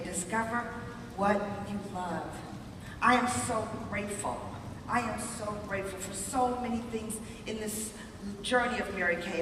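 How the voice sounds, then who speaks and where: Exuberant middle-aged woman, motivational stage speech, distant, heavy arena echo, noisy room. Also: medium pitch. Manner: exuberant, rhyming chant, repeats "so excited". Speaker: sales director speaking on stage. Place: large arena with audience. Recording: echoey arena from far off, loud crowd.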